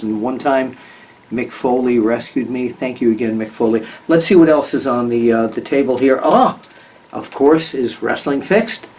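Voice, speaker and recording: A man's voice: mid-range voice, a little mellow, a little hiss or hum. Chatty man host, a little off-mic. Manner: rambling, chatty, with many fillers and restarts. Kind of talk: casual chat. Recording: voice a bit far from the mic.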